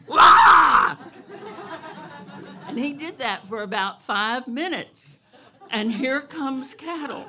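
A woman telling a true story on stage at a live event, wry and animated. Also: mid-range voice. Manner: wry and animated, loud cattle calls.

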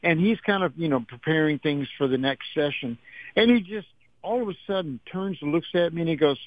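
An older male musician guest telling animated anecdotes in a radio interview, acting out quotes. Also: on the high side, a little fast, no room sound, narrow, tinny audio. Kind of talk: storytelling interview.

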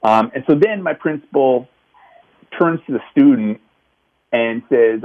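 A city councilman thinks back on his years as a teacher, telling the story earnestly and reflectively, with many restarts, as part of a conversation. His voice sits at a medium pitch and moves unhurriedly, broken by long pauses. The audio is narrow and tinny.

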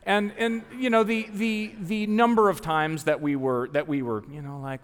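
A man in his forties from the American South telling a live story on stage in an animated, self-mocking way, acting out the people he quotes. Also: sits high, normal speed, few pauses. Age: 40s. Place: large theater stage before an audience. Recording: long theater hall reverb.

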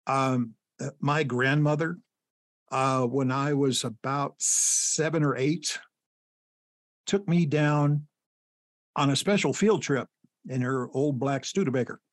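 A man's voice: mid-range voice, slow pace, long pauses, dry recording. A middle-aged man, a children's book author, telling long anecdotes in an interview, with many fillers and chuckles. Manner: rambling anecdotes with frequent fillers and laughs. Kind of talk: storytelling in an interview.

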